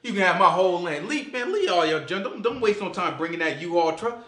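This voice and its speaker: A man preaching an informal sermon in slangy, animated talk, acting out voices as he goes. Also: high-pitched, a little fast. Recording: echoey room.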